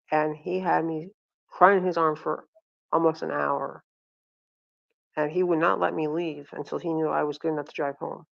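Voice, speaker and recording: A woman's voice: sits low, creaky, no echo, dull audio. A middle-aged woman vlogging, telling a rambling story and acting out the quotes, with frequent self-corrections. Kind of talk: casual storytelling.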